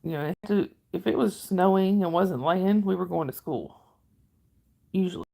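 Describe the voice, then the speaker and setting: On her casual livestream, a middle-aged woman with a Southern drawl from northern Georgia responds to viewers' comments, rambling in a friendly manner. Her pitch is fairly low, her tone warm and creaky, and her pace moderate.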